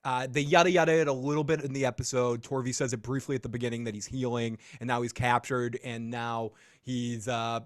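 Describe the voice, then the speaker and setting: A man's voice: mid-range voice, no room sound, clean studio sound. Joking man recapping a TV episode. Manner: joking, sarcastic asides. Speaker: podcast host. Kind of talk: casual TV recap.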